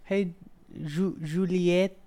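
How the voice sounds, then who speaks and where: A man's voice: high-pitched, steady tone, drawn-out words, dark tone. A young man hosting a podcast, chatting and joking around playfully. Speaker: podcast host. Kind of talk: casual podcast chat.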